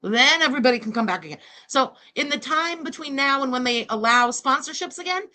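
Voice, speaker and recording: Sharp, scornful woman host. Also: high voice, expressive, brisk. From Canada. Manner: scornful, sarcastic, blunt. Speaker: commentary channel host. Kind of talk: reaction livestream commentary.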